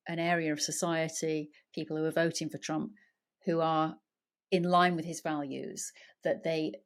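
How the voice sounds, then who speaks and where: A woman hosting an interview podcast, asking her guest thoughtful, measured questions. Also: deep voice. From Britain. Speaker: podcast host.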